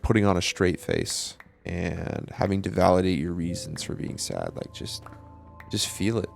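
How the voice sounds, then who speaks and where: Young male vlogger, deep and creaky, candid casual monologue, faint music bed. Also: darkish tone. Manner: candid, casual, swears often, many fillers. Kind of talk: personal reflective monologue.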